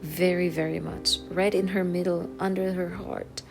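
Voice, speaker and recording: A woman reading a children's novel aloud with gentle, expressive narration. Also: lowish voice, normal speed, vocal fry, music in the background. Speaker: storyteller. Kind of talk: children's book read-aloud.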